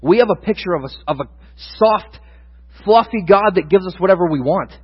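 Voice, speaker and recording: A man's voice: sits high, expressive, a little fast, breathy edge. A male pastor preaching a sermon, candid and thinking aloud at times, then building to emphatic proclamation. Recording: dull sound with long hall reverb.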